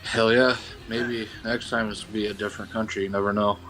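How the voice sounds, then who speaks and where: A man's voice: on the low side, flat delivery, brisk, sharp tone, poor audio. A man with a Mexican accent, a guest in a casual chat, stumbling over hard names as he reads history facts.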